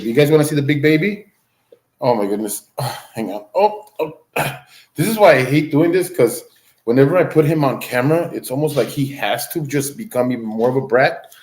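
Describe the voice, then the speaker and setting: A man's voice: medium pitch, moderate pace, a little mellow. A man chatting casually on a live stream, playfully coaxing and baby-talking his dog between remarks to viewers. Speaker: livestreamer. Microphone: streaming setup mic. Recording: roomy echo.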